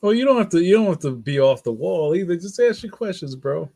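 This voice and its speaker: A man's voice: high-pitched, very animated, brisk, vocal fry, dark tone. Laid-back slangy man hosting a livestream. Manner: laid-back, slangy, reads viewer comments aloud. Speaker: livestream host. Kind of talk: casual livestream chat.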